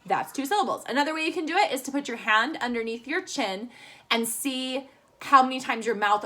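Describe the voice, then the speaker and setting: A woman with a bright, high voice teaches young children in a video lesson recorded from her room at home. She speaks cheerfully, slowly and clearly for kids, into a phone held at arm's length. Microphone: phone camera at arm's length.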